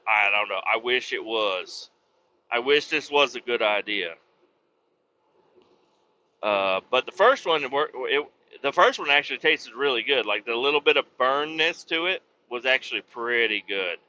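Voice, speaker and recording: Profane, animated man telling a story. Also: mid-range voice, unhurried, muffled recording, slight background noise. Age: adult with kids. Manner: profane, animated, breaks into loud exclamations. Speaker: podcast host. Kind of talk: casual storytelling monologue.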